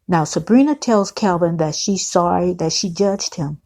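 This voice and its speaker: A woman's voice: lowish voice, normal speed, few pauses, darkish tone. A woman recapping a TV episode in a chatty, opinionated vlog, often calling her viewers guys. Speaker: TV recap vlogger. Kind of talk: casual episode recap with commentary.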